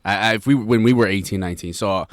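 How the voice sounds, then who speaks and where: A man's voice: on the low side, very fast, dry recording, clean studio sound. A young man co-hosting a podcast in casual chat, rambling with restarts and slang. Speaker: podcast co-host.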